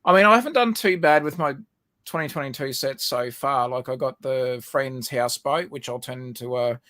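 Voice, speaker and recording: A man's voice: medium pitch, normal speed, a bit bright, dry recording. Rambling Australian man on a livestream. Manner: rambling and giggly, many ums and restarts. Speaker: livestream co-host. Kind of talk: casual chat.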